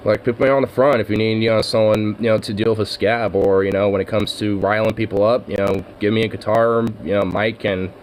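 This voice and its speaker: A man's voice: fairly low pitch, little pitch movement, fairly quick, few pauses, a little hiss or hum. A man chatting casually on his own vlog, rambling and swearing, with laughs and lots of fillers. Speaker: vlogger.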